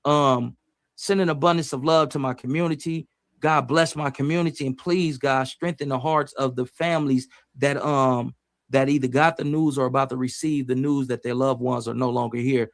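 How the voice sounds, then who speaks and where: A man hosting a music reaction livestream, reading viewer comments in slangy casual chat and sometimes breaking into loud, excited rants. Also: mid-range voice, normal speed, creaky, dry recording. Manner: slangy, repetitive, shouts at times.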